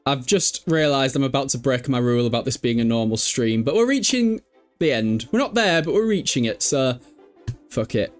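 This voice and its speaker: A man's voice: medium pitch, expressive, normal speed, faint music behind. A young man from England, chatting casually as he streams a game, swearing and laughing often. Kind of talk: casual live game commentary.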